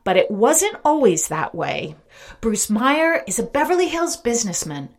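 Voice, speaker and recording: A woman hosting a podcast, reading her narration in a measured, polished way. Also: on the high side, big pitch swings. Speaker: podcast host. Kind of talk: interview and scripted narration.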